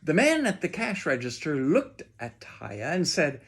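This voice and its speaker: A man reading a children's storybook aloud with expressive, drawn-out delivery. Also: on the high side, breathy edge.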